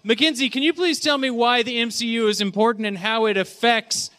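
A man with a high, bright voice runs a live comedy panel like a lecture. He keeps a deadpan, mock-academic tone, and his voice sounds clean and crisp. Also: fairly quick. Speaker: podcast host. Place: convention panel room with live audience.

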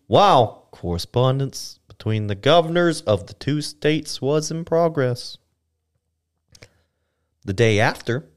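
A man with an animated, swooping voice reads archival history on a casual podcast. He takes his time, sliding through long formal sentences at an unhurried pace and stumbling over a word here and there. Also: medium pitch. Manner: reads archival text aloud with stumbles and laughs. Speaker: podcast co-host reading history.

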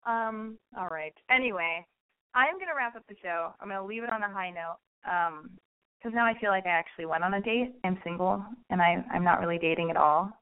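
A woman with a lowish voice talks fairly quickly as a radio call-in host in casual chat. The sound is thin and phone-like, and her manner is rambling, jokey, blunt and sweary.

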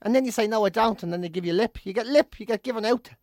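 A man's voice: high voice, very fast, a little mellow, no echo, clean studio sound. A man hosting a casual chat, joking and slipping into playful put-on voices. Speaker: podcast host.

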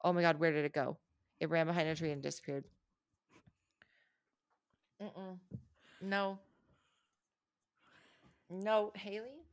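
Low, gravelly woman reacting excitedly. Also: takes it slowly, pauses often, dry recording, studio quality. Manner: excitable and squeamish, gasps and exclaims. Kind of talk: casual chat reacting to a video.

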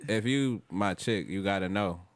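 A man's voice: on the low side, normal speed. A young man in a casual podcast chat, speaking in laid-back slang and reasoning his points out. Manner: laid-back, slangy, talks things through.

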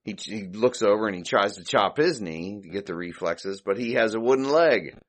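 A man's voice: on the low side, expressive, normal speed. A man hosting a podcast, casually recapping an old comedy short, chuckling and thinking aloud as he goes. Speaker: podcast host.

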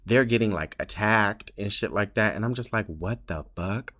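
A man hosting a podcast in casual chat, expressive and profane, with many filler "likes". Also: lowish voice, normal speed. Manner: expressive, profane, heavy use of "like". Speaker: podcast host.

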